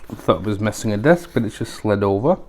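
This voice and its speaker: A man's voice: fairly low pitch, animated, fast, darkish tone. A man hosting a casual unboxing review, chatty and rambling with lots of fillers. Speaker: video host.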